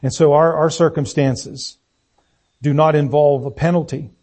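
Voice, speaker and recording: A man preaching a sermon, reading scripture and praying in a deliberate, emphatic way. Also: on the high side, fairly even intonation, darkish tone. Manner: slow, deliberate, emphatic delivery.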